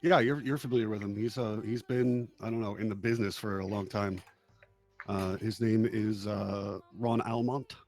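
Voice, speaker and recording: A man's voice: lowish voice, steady tone, normal speed, a little mellow. A man running a tabletop game as game master, explaining in a hesitant way with many fillers.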